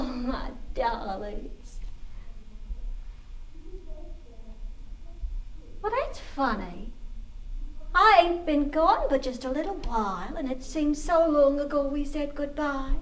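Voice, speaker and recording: A woman playing a lonely little girl lost in the woods, talking to herself in a childish, rambling way and singing a spooky song in a stage monologue. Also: high-pitched. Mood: fretful.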